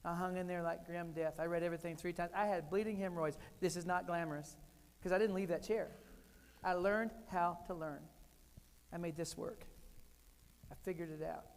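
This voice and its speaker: A man's voice: high-pitched, steady tone, moderate pace. An older American man giving a keynote talk, telling funny personal stories in short, punchy phrases. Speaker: keynote speaker. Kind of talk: humorous keynote storytelling. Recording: echoey hall.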